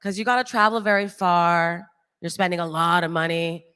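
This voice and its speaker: A woman in her late thirties doing a live stand-up set on stage, chatty and animated, laughing at her own jokes. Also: lowish voice, moderate pace, clear, resonant tone, big-room sound. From Toronto, Canada. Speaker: stand-up comedian. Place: stage in a large hall with an audience.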